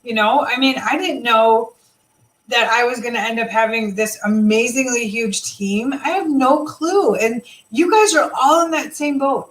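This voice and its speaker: Woman chatting live to her team, kinda high voice, rambly with lots of ums, pep talk vibe. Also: a bit bright, poor audio. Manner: casual, rambling, frequent fillers and restarts. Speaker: team leader. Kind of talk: live motivational team chat.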